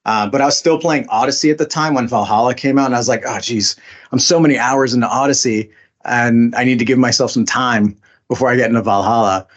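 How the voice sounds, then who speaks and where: A man's voice: medium pitch, fairly even intonation, quick pace, dull audio. A man being interviewed as a voice actor, talking casually with many fillers and restarts. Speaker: voice actor guest.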